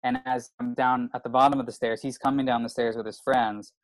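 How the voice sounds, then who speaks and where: Brisk and steady in tone, a medium-pitched male voice belongs to a stand-up comedian telling a long story in casual chat. He wanders off track, swears a lot, and fills his speech with "like," all with no room sound.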